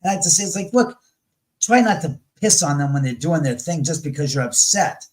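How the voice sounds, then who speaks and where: Guy guest on a talk show, kinda high voice, swears a lot, does everybody's voices in his stories. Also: expressive, a little fast, poor audio. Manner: blunt and profane, acts out quoted voices. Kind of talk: casual storytelling in conversation.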